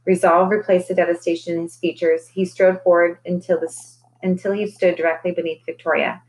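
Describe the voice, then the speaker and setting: A woman, a teacher, reading a children's novel aloud with expressive, dramatic storytelling. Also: fairly low pitch, a little fast, low-quality recording. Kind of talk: read-aloud storybook narration.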